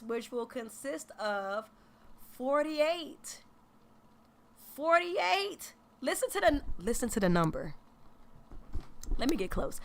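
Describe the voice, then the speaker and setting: A woman in her thirties streaming about games in a casual, animated, profane way. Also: a little high. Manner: animated, profane, emphatic, slangy. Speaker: gaming streamer. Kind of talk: casual livestream reaction.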